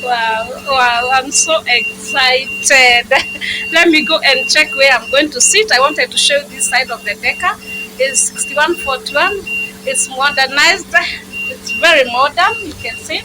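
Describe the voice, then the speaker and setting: A woman vlogging on a handheld phone at a railway station and on board a train. She gushes with excitement and repeats herself often. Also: sits high, normal speed. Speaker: travel vlogger. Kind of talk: casual vlog narration. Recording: noisy phone recording on the move.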